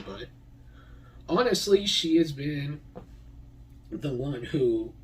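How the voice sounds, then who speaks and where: A young man thanking the people who shaped him, talking in a halting, heartfelt way with many repeated words and fillers. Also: medium pitch, far from the mic, a little hiss or hum, poor audio. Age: young adult. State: tearful, voice breaking. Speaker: graduating high school student. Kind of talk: heartfelt personal thank-you.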